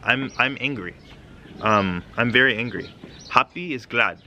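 A man giving a casual language lesson, saying words and repeating them slowly with frequent fillers. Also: medium pitch, bright, forceful tone, a little hiss or hum. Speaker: language teacher.

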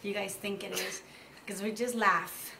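Teasing woman with a gravelly edge. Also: medium pitch, fairly even intonation, unhurried, background noise. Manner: teasing, laughing. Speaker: friend of the vlogger. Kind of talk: casual banter.

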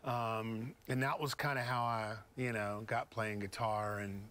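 A man's voice: fairly low pitch, fairly even intonation, measured pace, bright, forceful tone. A man from Beaumont, Texas, a guest musician telling stories in a studio interview, rambling and easygoing with many fillers. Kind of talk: casual storytelling interview.

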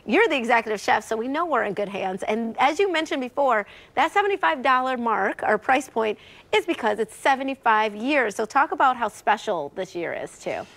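A woman's voice: on the high side, sing-song, moderate pace, a bit bright. A woman hosting a midday TV show, chatting playfully and eagerly with a guest in a studio. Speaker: TV show host. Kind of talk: lively studio chat.

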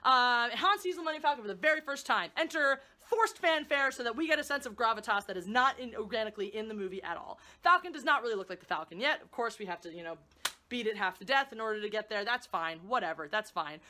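A woman's voice: fairly high pitch, animated, fast, bright, forceful tone. A woman reviewing a movie in a profane, sarcastic, exasperated rant. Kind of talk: ranting film review.

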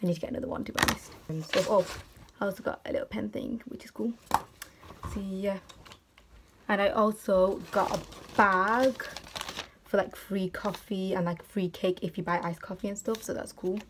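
A woman's voice: mid-range voice, steady tone, moderate pace. A young woman, chatting casually in a student vlog as she moves between bus stops and home. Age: young adult. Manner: chatty, rambling, says "literally" a lot. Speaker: student vlogger. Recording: noisy outdoor phone audio.

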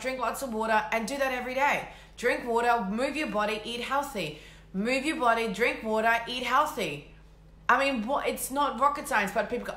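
A woman giving a blunt, energetic motivational talk as a mindset coach, swearing casually. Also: a little high, roomy sound.

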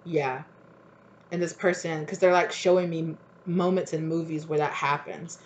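Woman, tarot reader, lowish voice, rambling, swears, faint hiss behind. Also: moderate pace. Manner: rambling, animated, swears freely, acts out quotes. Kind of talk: casual tarot reading monologue.

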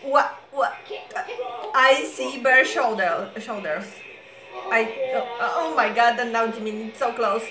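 A woman reacting to a video as a fan, gushing with excited exclamations and sounding sleepy. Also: on the high side, measured pace. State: sleepy, just woke up. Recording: roomy echo with show music playing. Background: music from the video being watched.

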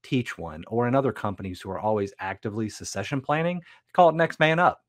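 Low-voiced man coaching in a dry room. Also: expressive, fast, dry recording. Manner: reflective, restarts often, coaching tone. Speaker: podcast co-host. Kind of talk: casual business chat.

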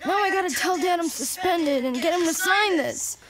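Young cartoon boy, worried, high voice, crowd behind. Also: animated, moderate pace. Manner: worried, anxious. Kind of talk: adult cartoon dialogue.

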